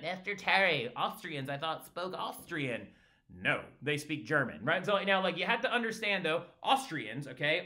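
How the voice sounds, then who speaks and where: A man teaching a history lesson in a casual, chatty way, often tagging his points with "right?" and slipping into quick voiced quotes. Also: sits high, bright, forceful tone. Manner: slips into brief voiced quotes of historical groups. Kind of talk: flipped-classroom history lecture.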